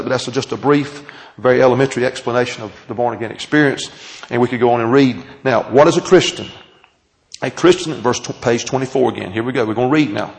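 A man's voice: mid-range voice, low-quality recording. A man preaching and teaching a Bible class, stretching out key phrases for emphasis and asking his listeners questions. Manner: emphatic, drawn-out phrases, asks the audience questions. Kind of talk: sermon. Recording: taped sermon.

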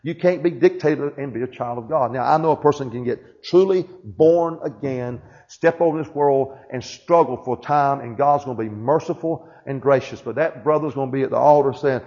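Pastor preaching, asking "Amen?". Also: male voice, mid-range voice, moderate pace, few pauses, darkish tone. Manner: preaching with frequent "Amen?" check-ins; reads aloud from a book to the congregation. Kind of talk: sermon. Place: church. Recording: dull lo-fi sermon recording.

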